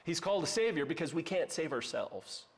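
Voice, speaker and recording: A man's voice: on the high side, expressive, brisk. A man preaching a sermon as pastor, conversational and emphatic, with casual asides.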